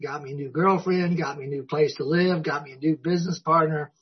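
A man tells his story to a recovery meeting crowd in a husky, slightly raised voice. He is folksy and self-mocking and chuckles often, and the recording sounds dull and lo-fi. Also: a little high, steady tone, brisk. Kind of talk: personal story told to an audience.

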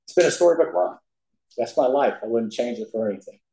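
A man's voice: medium pitch, expressive, fast, gravelly, dark tone, a little hiss or hum. An older man speaking to a recovery meeting, telling his story in a folksy, emphatic way. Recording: echoey hall.

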